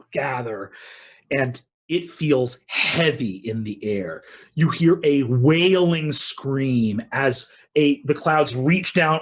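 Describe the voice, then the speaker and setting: A man narrating a tabletop game as dungeon master in a relaxed, meandering way with many fillers. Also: medium pitch.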